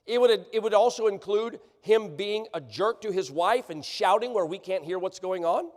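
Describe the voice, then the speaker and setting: A man preaching a sermon, sarcastic and animated, often checking that the congregation follows him. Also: high voice, normal speed. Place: church sanctuary. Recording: church livestream, long hall reverb.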